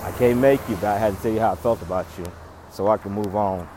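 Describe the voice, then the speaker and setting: A man talks straight into his own vlog, blunt and heartfelt, cursing freely and saying his points over and over. His voice sits fairly low. It was recorded outdoors, with clear background noise. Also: quick pace. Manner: blunt, profane, heartfelt, repeats lines. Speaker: vlogger. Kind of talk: emotional vlog monologue.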